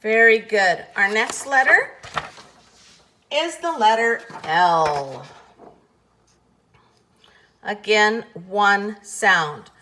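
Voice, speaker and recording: A woman teaching letter sounds in a slow, patient phonics lesson, carefully over-enunciating each sound. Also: medium pitch, expressive, bright, forceful tone, a little hiss or hum.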